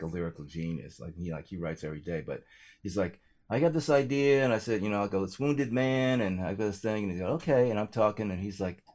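A man's voice: deep voice, a little mellow. A man, a guest singer-songwriter, chatting casually and rambling with lots of fillers. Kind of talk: casual chat.

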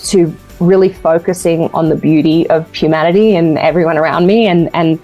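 A woman's voice: low-pitched, steady tone, moderate pace, highs cut off, faint music behind. Earnest woman recounting her story. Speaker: guest, actress. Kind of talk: casual interview talk.

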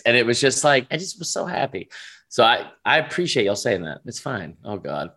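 A man's voice: medium pitch, sing-song, brisk, sharp tone, breathy edge. A man hosting a casual show, reacting to fan voicemails with laughter and swearing. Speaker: host.

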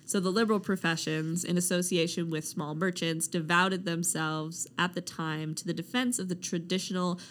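A woman's voice: fairly low pitch, fairly even intonation, normal speed, hardly any pauses, fairly bright tone. A young woman co-hosting a casual history podcast. She reads history passages aloud, then breaks into jokes and frequent laughter. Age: young adult. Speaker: podcast co-host.

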